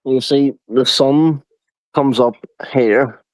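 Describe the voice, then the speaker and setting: A man's voice: mid-range voice, takes it slowly, dry recording, low-quality recording. A man in casual chat, telling stories at a rambling pace and swearing casually.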